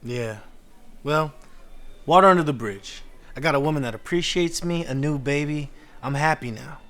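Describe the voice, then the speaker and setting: An actor playing a defensive, dismissive ex-husband. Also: male voice, on the high side, normal speed, a bit bright, close to an everyday voice. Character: defensive ex-husband moving back, man, 30s.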